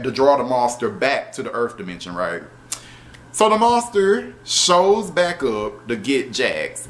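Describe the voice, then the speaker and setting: Exasperated, profane male show reviewer. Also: medium pitch. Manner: animated, exasperated, profane, laughing asides. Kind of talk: casual review vlog.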